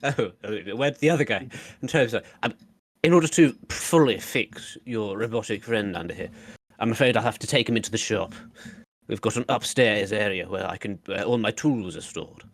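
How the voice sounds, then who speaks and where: Man as an earnest tinkering adventurer, polite, stammering, low pitch, dry sound. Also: a little fast, gravelly, no room sound. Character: earnest, fussy male adventurer who tinkers.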